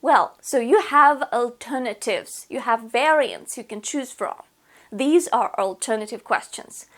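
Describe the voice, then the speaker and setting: A woman teaching an online grammar lesson, explaining patiently, step by step. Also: high-pitched. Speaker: language teacher.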